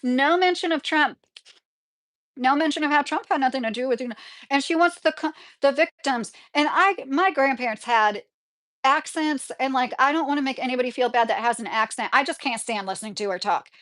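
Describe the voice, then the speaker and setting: A woman hosts a casual livestream, chatting, laughing often, and talking back to viewer comments as she reads them. Her voice is high-pitched and a bit bright, and she talks briskly.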